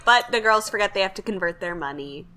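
A woman's voice: mid-range voice, animated, fast talker, pushed and bright. A young woman co-hosting a podcast, recapping a TV show in a matter-of-fact way with dry asides. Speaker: podcast co-host. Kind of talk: casual chat recapping a TV show.

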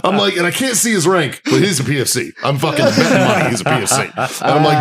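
A man swaps a rowdy military story on a casual podcast, cursing freely and breaking into laughter. His voice sits at an ordinary pitch, and he keeps acting out what everyone said. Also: expressive, quick pace. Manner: profane, laughing military war story, acts out quotes. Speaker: podcast co-host.

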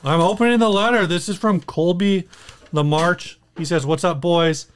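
Male podcast co-host, easygoing and teasing, smooth clear voice. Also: sits high, normal speed. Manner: easygoing, teasing, reads sponsor spots. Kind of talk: casual chat.

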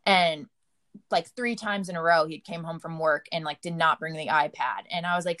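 Woman, low-pitched, casual storytelling, emotional, filler-heavy. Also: normal speed, a bit bright. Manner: emotional, frequent "like" fillers, quotes herself. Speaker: partner of a recovering addict, guest.

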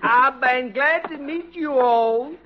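Brief: a disguised maid, high voice, mock Swedish-Southern drawl, slow and sly, old TV audio. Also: male voice, crowd noise. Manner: broken comic grammar, sly. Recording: dull old TV soundtrack with noise.

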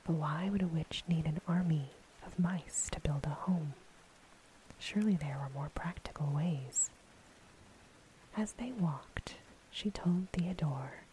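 A woman reading a fairy tale aloud in a soft, unvoiced whisper, as a bedtime story. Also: deep voice, slow pace, slight background noise, low-quality recording.

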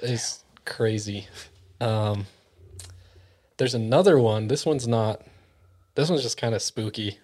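A man casually telling a spooky story among friends, acting out the quoted voices and often dropping to a hushed near-whisper. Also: mid-range voice, unhurried, long pauses.

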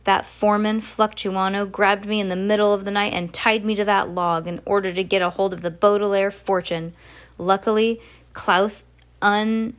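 A woman reading a timid, gentle young man. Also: mid-range voice, natural voice. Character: mild young man, timid business partner.

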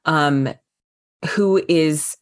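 A woman's voice: low voice, drawn-out words. A woman co-hosting a book podcast, talking casually with many fillers and restarts. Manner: chatty, frequent fillers and restarts. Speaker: podcast co-host. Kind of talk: casual book review chat.

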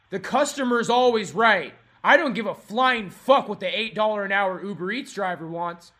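A young man making a prank phone call, ranting furiously, cursing and shouting at the person on the line. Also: sits high, moderate pace, hardly any pauses. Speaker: prank caller.

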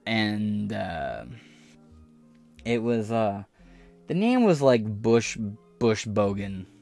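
A man's voice: on the low side, very animated, very slow, vocal fry, darkish tone, faint music behind. An American man hosting a podcast, rambling through a casual, profane and sarcastic rant that drifts off topic. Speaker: podcast host. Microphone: audio-only podcast mic.

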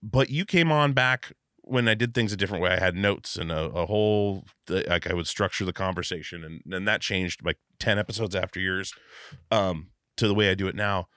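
A man's voice: low-pitched, fairly quick, fairly bright tone, no echo, studio quality. A man hosting a casual podcast interview, reflective and rambling with many restarts. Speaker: podcast host. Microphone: video call.

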